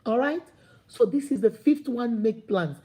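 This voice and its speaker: A woman gives a motivational talk in a preachy, animated way. Her voice sits high, with a mellow, soft-edged tone. She acts out the voices of imagined people as she makes her points. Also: unhurried. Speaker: motivational speaker.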